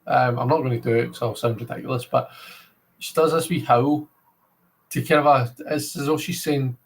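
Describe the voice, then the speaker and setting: A Scottish man chatting casually on a livestream, his voice sitting at an ordinary middle pitch. He rambles from one thought to the next, leaning on filler words as he talks to his viewers. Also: fairly even intonation, normal speed, breathy edge, poor audio. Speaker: livestream host.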